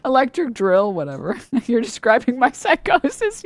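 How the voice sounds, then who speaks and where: A woman's voice: a little high, big pitch swings, normal speed, no echo. A woman livestreamer chatting casually with her viewers, blunt and profane, with frequent laughs.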